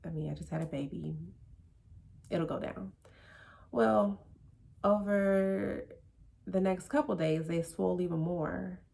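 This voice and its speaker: A woman's voice: on the low side, fairly even intonation, slow, gravelly, pauses often, dark tone. A woman vlogger telling a personal story in a casual, chatty way, full of "like" and "you know".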